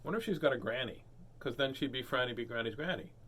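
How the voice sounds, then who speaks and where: A man's voice: mid-range voice, lively intonation, fast, fairly bright tone, slightly rough. A man reading a children's picture book aloud, breaking off for playful jokes and asides. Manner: playful, joking asides, voices characters. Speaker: storybook reader.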